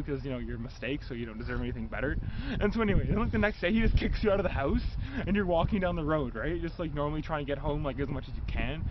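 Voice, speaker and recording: A high-pitched teenage boy rushes through an improvised comedy story, stuffing it with fillers and bursting into shouts for the lines he quotes. The recording is dull and lo-fi, with clear noise underneath. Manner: fast filler-heavy telling with laughs, shouted quotes.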